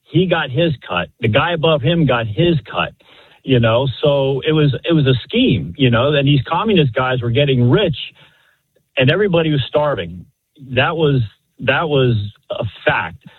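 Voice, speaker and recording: A man's voice: mid-range voice, lively intonation, normal speed, breathy edge, dry recording. A man calling in to a talk radio show, telling a family story in a rambling, earnest way with many fillers. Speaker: caller. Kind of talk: phone-in storytelling. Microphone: telephone. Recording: tinny phone line.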